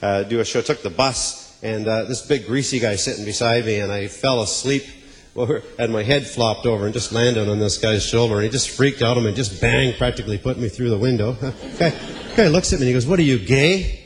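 A man's voice: mid-range voice, brisk. Wry stand-up comic man. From Canada. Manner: rambling, wry, stammering asides. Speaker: stand-up comedian. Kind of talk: stand-up comedy. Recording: live hall with audience noise.

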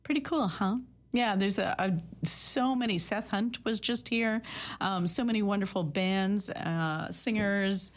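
A woman's voice: mid-range voice, measured pace. A woman hosting a community radio show, talking in a chatty, rambling way with many fillers. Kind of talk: casual radio chat.

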